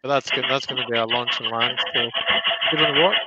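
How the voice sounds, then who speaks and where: A man's voice: mid-range voice, steady tone, quick pace. A man with a Geordie accent bantering on a livestream, reading out chat comments with playful, wry jokes. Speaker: guest on a woodturning livestream, reads out chat. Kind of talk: joking live-stream banter. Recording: dull lo-fi sound with clear background noise.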